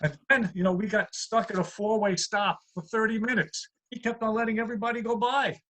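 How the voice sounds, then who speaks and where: High-voiced New comic on a call. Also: male voice, little pitch movement, a little fast, bright, forceful tone, poor audio. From USA. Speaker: stand-up comedian. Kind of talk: stand-up routine. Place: home over video call. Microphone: computer mic on a video call.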